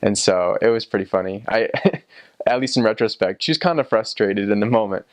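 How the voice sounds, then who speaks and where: A young man talks in an easygoing, meandering way, with a lot of ums and false starts. His voice sits a little low, and the recording is dry and close, with no room sound. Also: a little fast, no room sound, lo-fi sound. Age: young adult. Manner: relaxed and rambling, many ums and restarts, chuckles often. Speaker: returned missionary. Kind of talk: casual personal recollection.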